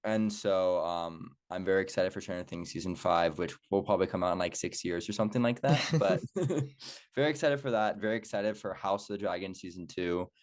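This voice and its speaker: A man's voice: deep voice, a little fast. A young man guesting on a podcast, talking casually with lots of fillers.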